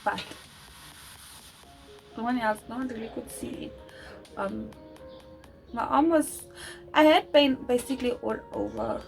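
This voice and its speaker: A young woman vlogger recounts a personal story, loud and rushed, often restarting her sentences. Her voice sits a little high with a gravelly edge, and music plays clearly behind her. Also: poor audio. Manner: talks fast and loud, many restarts.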